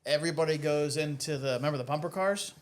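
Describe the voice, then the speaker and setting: A man's voice: on the high side, fast talker. A man joining a casual family chat as a guest, chiming in with jokes. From Pittsburgh, USA. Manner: jokey, chimes in with quips.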